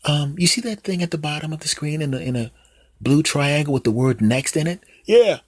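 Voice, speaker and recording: A man's voice: a little high, animated, a little fast, no room sound, voice pushed up. A man voicing an exasperated adult son who patiently walks his father through using a phone. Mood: weary. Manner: patient but weary explaining. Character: exasperated adult son, family tech support.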